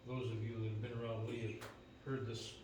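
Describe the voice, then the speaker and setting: A man's voice: lowish voice, flat delivery, background noise. Older guy telling a story at a gathering, lots of uh's, sounds far from the mic, echoey hall. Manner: unhurried, many "uh" pauses. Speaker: speaker at a memorial gathering. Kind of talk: personal storytelling to an audience.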